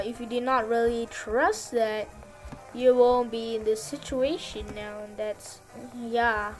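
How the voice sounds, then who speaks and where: A woman's voice: a little high, a little mellow. A woman hosting a gaming channel, giving casual gameplay commentary in a rambling, repetitive way as she lectures viewers.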